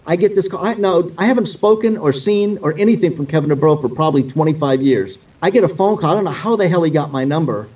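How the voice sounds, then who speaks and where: Fast-talking man telling stories, distant mic. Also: on the high side. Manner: animated anecdotes with swearing and quoted dialogue. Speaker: guest musician. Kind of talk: casual storytelling.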